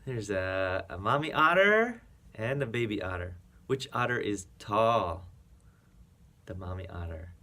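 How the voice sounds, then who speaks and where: A man reading a children's picture book aloud to a young child as a reading teacher, playful, with animal sounds and soft whispers. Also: fairly low pitch, expressive, unhurried.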